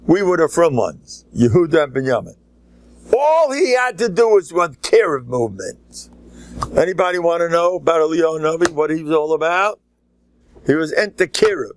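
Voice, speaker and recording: Gravelly older rabbi joking through a lecture. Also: male voice, a little high, no echo. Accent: American, Lakewood. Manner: joking, animated, mixes Yiddish and Hebrew words. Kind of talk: humorous Torah lecture.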